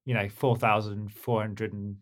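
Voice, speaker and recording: A man's voice: fairly low pitch, flat delivery, moderate pace. A man chatting casually on a podcast, rambling and jokey with many fillers. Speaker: podcast co-host, bike tester. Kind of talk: casual chat.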